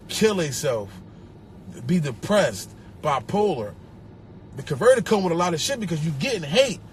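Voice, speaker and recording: Philly man, high lively voice, profane livestream rant, phone mic with faint noise. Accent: Philadelphia. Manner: animated, profane, mocking others in a put-on voice. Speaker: social media personality.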